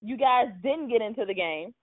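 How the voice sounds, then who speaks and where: A woman's voice: a little high, animated, moderate pace, dry recording. A woman hosting a sports radio call-in show, hesitant and full of fillers but patient with the caller. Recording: phone-like dry audio.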